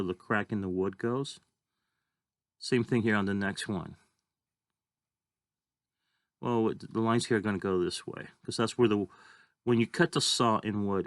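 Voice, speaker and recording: Man, art teacher, low voice, casual, thinking aloud while drawing, dry close sound. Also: no room sound. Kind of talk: drawing demonstration lesson.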